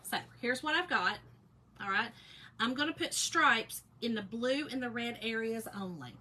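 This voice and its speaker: A middle-aged woman talks casually to her livestream viewers as she works on a craft at the table. Her voice is bright and clear, with a chatty, down-home manner. A faint hiss sits under the recording. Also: on the high side, normal speed.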